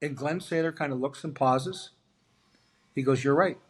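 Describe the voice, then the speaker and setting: A man's voice: on the high side, normal speed, breathy edge. A middle-aged man, a guest on an interview show, telling stories casually and acting out the dialogue of the people in them. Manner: animated anecdotes, acts out quoted dialogue. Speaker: interview guest, former hockey player.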